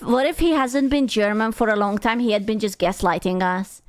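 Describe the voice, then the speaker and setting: A young woman, streaming and chatting casually with her chat, excitable, swearing and gasping in her reactions. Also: mid-range voice, moderate pace, hardly any pauses. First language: Hungarian.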